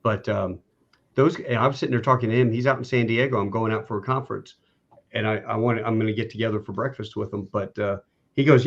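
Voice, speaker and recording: A man's voice: on the low side, moderate pace, muffled recording. A man hosting a podcast, chatting in an easygoing, rambling way. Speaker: podcast host. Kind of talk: casual conversation.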